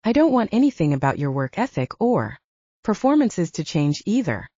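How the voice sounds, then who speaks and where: A woman voicing a calm placating band manager. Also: lowish voice, normal speed, husky, no room sound, dull audio, exaggerated voice. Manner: calm and reasoning. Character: steady middle-aged male band manager, placating.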